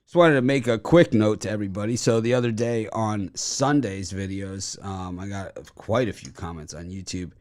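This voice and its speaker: Very deep-voiced male betting show host. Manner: rambling, loose, with many fillers and restarts. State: recovering from dental surgery, swollen mouth. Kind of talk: casual chat.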